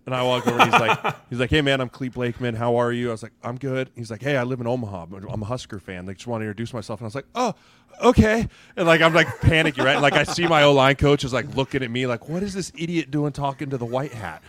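A former football lineman in his thirties telling animated stories on a casual sports podcast, acting out the quotes. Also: medium pitch, very fast, few pauses, no echo. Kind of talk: casual sports chat, storytelling.

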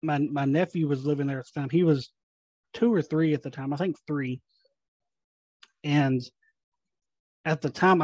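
A young man from Tennessee, a paranormal investigator, telling ghost stories in a casual, animated way and acting out the dialogue. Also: fairly high pitch, dry recording, highs cut off. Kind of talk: casual storytelling.

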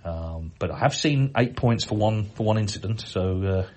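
A middle-aged man hosting a podcast, reading out listener emails in a relaxed, chatty way with frequent hesitations. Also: fairly low pitch, moderate pace. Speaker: podcast host.

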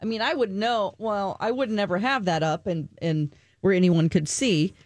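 A woman's voice: mid-range voice, normal speed, darkish tone, dry recording. Earnest woman in casual podcast chat.

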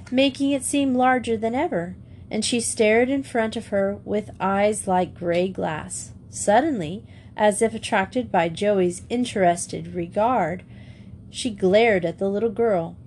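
A woman narrating a classic children's school story in a steady, clear reading voice. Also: mid-range voice, a little hiss or hum. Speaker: audiobook reader.

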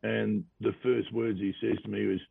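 A man's voice: fairly low pitch, level tone, normal speed, creaky, very noisy. A man from Western Australia with an Australian accent, a former footballer telling rambling, laughing anecdotes as an interview guest. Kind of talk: casual storytelling interview. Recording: tinny phone-like radio sound, dry.

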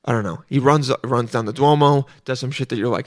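A man's voice: mid-range voice, steady tone, fast, no room sound, studio quality. A man hosting a podcast alone, rambling casually with lots of swearing and restarts. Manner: rambling, profane, self-interrupting. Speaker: podcast host. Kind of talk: casual solo monologue.

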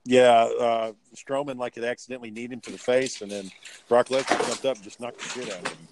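A man's voice: mid-range voice, fairly even intonation, brisk, very noisy. A man talking in a laid-back casual chat, swearing freely and trailing off into fillers.

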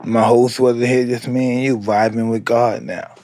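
A man in his fifties hosting a casual podcast chat, talking slowly and emotionally while high on mushrooms. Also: little pitch movement, a little mellow. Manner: slow, emotional, storytelling. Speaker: host. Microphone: studio mic.

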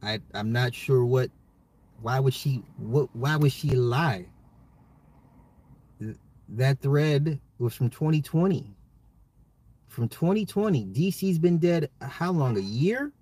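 Man, podcast host, solo commentary, emphatic, repeats himself, medium pitch. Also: animated, slow, long pauses, warm tone, breathy edge. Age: adult, a father. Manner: emphatic, repeats himself, talks to listeners directly.

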